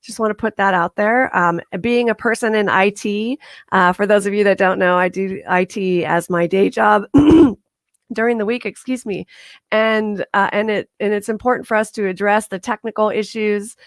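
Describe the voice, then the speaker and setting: A woman's voice: mid-range voice, steady tone, moderate pace, dry recording, studio quality. A woman minister welcoming people to a live-streamed service from her home, chatty with frequent laughs. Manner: chatty, laughs often, loose restarts. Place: home condo.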